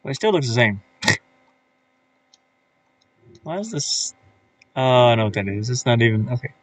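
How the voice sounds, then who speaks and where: A man's voice: mid-range voice, fairly even intonation, fast. A man streaming live, casually talking to himself as he works, muttering and thinking aloud with many fillers. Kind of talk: casual live-stream commentary while working. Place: his van.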